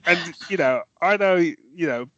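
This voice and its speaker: A man's voice: a little high, lively intonation, unhurried, a bit bright, no room sound, lo-fi sound. North London man, rambling podcast chat. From North London, England. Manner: rambling, enthusiastic, many fillers and restarts. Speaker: podcast co-host. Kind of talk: casual chat.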